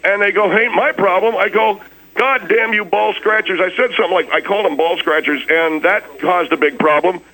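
A hapless, defensive small-town man, played by a man in a radio comedy bit. He rambles on and keeps justifying himself. His voice is bright and sits a touch high. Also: fairly quick, low-quality recording. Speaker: recurring comedy character on a radio show.

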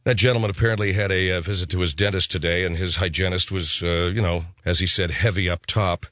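A man hosting a talk-radio show, questioning callers in a dry, deadpan way and reading out show announcements. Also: low voice, quick pace, dry recording. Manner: dry, probing interviewer, deadpan.

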